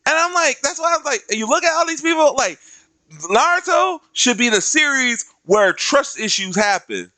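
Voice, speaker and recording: A man streamer ranting casually, slangy and animated, dropping into other voices to act out quotes. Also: very high-pitched, dry recording. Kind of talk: casual rant.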